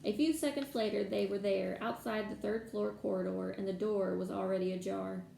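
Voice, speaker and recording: Woman reader, steady storytelling, dark, gravelly voice, echoey room with faint hiss. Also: medium pitch, moderate pace. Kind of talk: reading a novel aloud.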